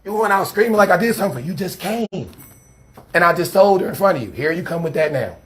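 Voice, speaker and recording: A man, a street preacher, defensively arguing and talking fast over others while filming a confrontation outdoors on his phone. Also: sits high, expressive. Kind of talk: heated self-filmed confrontation. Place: outdoors by a church. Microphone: handheld phone camera.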